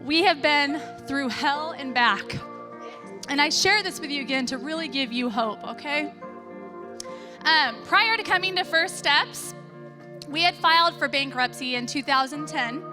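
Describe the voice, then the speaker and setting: A woman from California with a high voice gives an emotional, emphatic testimonial from a stage. Clear music plays behind her the whole time. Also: a little slow, long pauses. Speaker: seminar speaker giving a testimonial.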